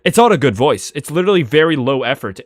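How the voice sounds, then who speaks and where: A male game streamer talking casually on stream with a lively, swinging voice. He swears freely and laughs often, with faint music underneath. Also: fairly high pitch, fast, no room sound. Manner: animated, swears, laughs a lot. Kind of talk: casual live-stream chat.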